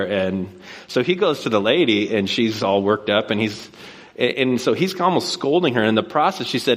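A man preaching a sermon from a stage, telling a neighborhood story in a relaxed conversational way and then posing rhetorical questions. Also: lowish voice, moderate pace. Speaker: pastor. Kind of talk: sermon with personal anecdote.

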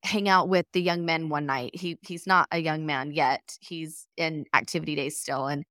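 A woman telling a story casually in a conversation, lively and laughing as she acts out the quoted texts. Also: sits low, moderate pace, no echo, clean studio sound.

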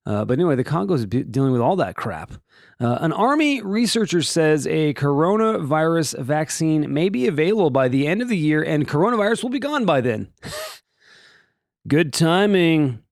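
A man hosting a casual solo podcast, joking and wandering off into asides as he goes. His voice sits fairly high and bounces around a lot, with a gravelly rasp. The sound is dry, with no room echo. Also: sing-song, a little fast. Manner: rambling and jokey, with many restarts and asides. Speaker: podcast host.

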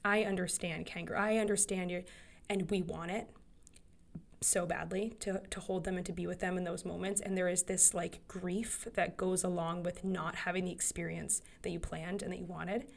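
Earnest woman podcaster in her thirties, somewhat low pitch, long rambling heartfelt monologue. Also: flat delivery, moderate pace, creaky. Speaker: podcast host.

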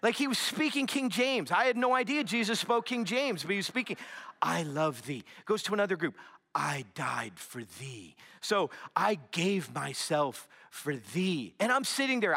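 A young man preaching a sermon, telling a story in an animated, chatty way with lots of fillers. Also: high voice. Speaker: pastor.

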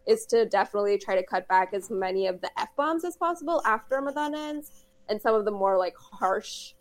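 A woman co-hosting a podcast in an easygoing, talkative way. She explains things at length, with frequent laughs. Her voice sits at an ordinary middle pitch. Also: animated, a little fast. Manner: chatty, explanatory, laughs easily. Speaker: podcast co-host. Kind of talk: casual chat.

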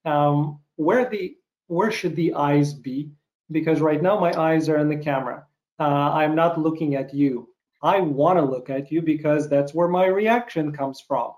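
Man asking questions on a video call, a bit high voice, roomy echo, polite with lots of ums. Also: a little slow, darkish tone. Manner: polite, affirming, hesitant fillers. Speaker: interviewer.

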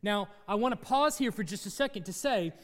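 A man's voice: sits high, expressive, brisk, in a large hall. A man preaching a sermon as pastor, teaching through a Bible passage and asking his congregation questions.

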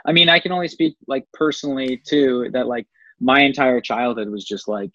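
A man's voice: mid-range voice, moderate pace, bright, forceful tone, no room sound. A musician from Canada talking in a casual radio interview, rambling and filling his sentences with "like". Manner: rambling, heavy use of "like" fillers. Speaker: musician guest. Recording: dull lo-fi sound.

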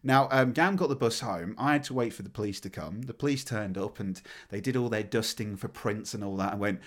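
A man on a podcast telling a story with lots of energy, laughing and swearing as he gets excited. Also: fairly low pitch, a little fast, hardly any pauses. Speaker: podcast co-host. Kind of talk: casual storytelling chat.

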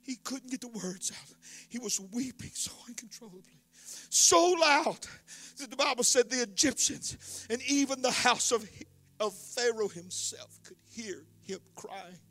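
A man preaching a sermon in a singsong cadence, swinging between soft whispers and shouted call-and-response. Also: very high voice, animated, a little slow, no room sound.

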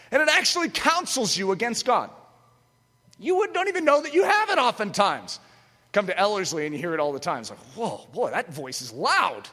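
Impassioned male preacher, emphatic, bright, rising to shouts; long hall reverb. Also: extremely high pitch. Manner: emphatic, rhetorical questions, sudden loud outbursts. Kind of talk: impassioned sermon.

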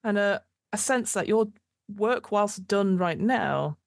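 A woman's voice: medium pitch, expressive, slow, creaky, dry recording, clean studio sound. A woman as game master, improvising tabletop game narration in a descriptive, meandering way. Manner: descriptive, meandering, with frequent fillers.

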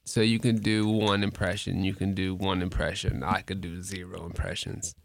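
A man's voice: sits low, little pitch movement, moderate pace, vocal fry, no room sound. A man co-hosting a podcast in casual banter, needling the others with joking questions. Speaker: podcast co-host.

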